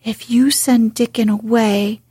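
A headstrong little girl who answers back fiercely, as a woman reader puts her on. The tone is breathy and hushed yet sharp, delivered slowly in a dry, close sound. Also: fairly high pitch, steady tone, dry recording. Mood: defiant. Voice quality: breathy whisper. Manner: defiant, retorting. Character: fierce, obstinate young girl.

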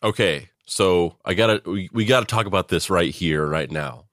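A man's voice: low voice, normal speed, no echo, clean studio sound. A man co-hosting a podcast, chatting casually in a rambling way and swearing. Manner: rambling, swears, animated when telling stories. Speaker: podcast co-host. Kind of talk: casual chat.

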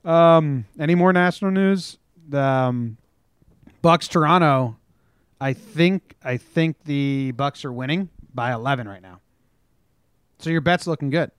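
A man's voice: fairly high pitch, unhurried, smooth, dry recording. A man co-hosting a casual sports chat, telling stories and acting out locker-room quotes with lots of swearing. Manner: animated storyteller, acts out quotes with profanity. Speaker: podcast co-host.

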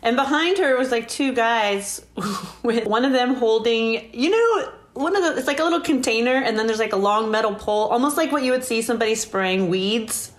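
Woman telling a story, laughs a lot, animated, acts out the quotes. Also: fairly high pitch, moderate pace. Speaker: guest. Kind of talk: casual storytelling interview.

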